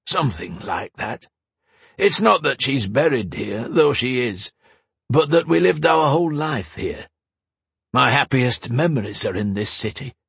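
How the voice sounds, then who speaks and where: A man's voice: medium pitch, big pitch swings, unhurried, gravelly, fairly bright tone, slightly rough, no echo, voice pushed up, exaggerated voice. A male reader voicing an old northern soldier, plainspoken and folksy, with a rustic northern lilt. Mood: wistful.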